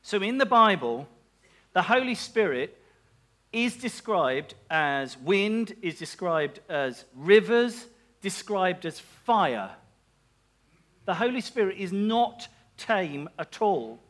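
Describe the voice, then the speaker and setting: Male preacher, high voice, casual sermon delivery with playful asides. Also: big pitch swings, slow, fairly bright tone. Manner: chatty and self-mocking, with asides and laughs.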